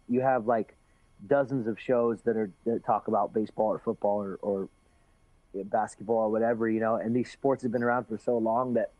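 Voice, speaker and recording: A man's voice: mid-range voice, warm tone, dry recording. A man being interviewed as a fighter, talking in a rambling, casual way with many restarts and easy swearing. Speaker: guest fighter. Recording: tinny phone-like dry sound.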